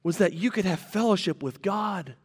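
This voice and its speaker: A man's voice: high voice, moderate pace, husky, long reverb tail. A man preaching a sermon as pastor, teaching earnestly and repeating key phrases for emphasis.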